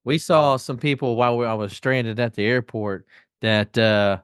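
A man's voice: medium pitch, normal speed, clean tone, no room sound, clean studio sound. A man co-hosting a podcast, telling stories in a laid-back, casual way. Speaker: podcast co-host. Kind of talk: casual chat.

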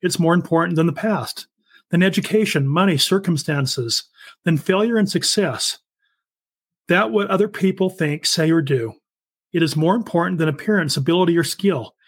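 A man with a fairly high voice hosts a casual interview. He sounds enthusiastic and chatty, often repeating a word as he restarts a sentence. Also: normal speed, breathy edge.

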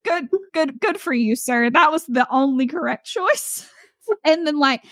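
Animated young woman telling a story. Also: high voice, a little slow, dry recording, studio quality. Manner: animated, laughing, filler-heavy storytelling. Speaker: podcast host. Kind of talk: casual storytelling chat.

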